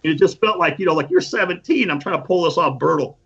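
A man casually telling an animated, profane anecdote and acting out the quotes. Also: fairly high pitch, fast, creaky, breathy edge. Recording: dull lo-fi recording.

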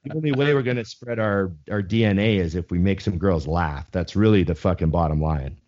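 A young man co-hosts a casual podcast chat in a deep, brisk voice with a darkish tone. He rambles, swears freely and repeatedly restarts sentences, and the lo-fi recording comes across slightly dull.

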